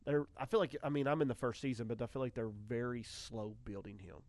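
A man hosting a radio talk show in casual chat, an animated storyteller with frequent restarts. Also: medium pitch, quick pace, a little hiss or hum.

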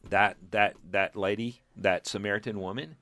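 A man's voice: fairly low pitch, normal speed, dry recording. A man in his fifties from Texas, a church planter, telling a long testimony story in casual group talk, acting out quotes and chuckling. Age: 50s. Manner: animated storyteller, acts out quotes, chuckles, restarts.

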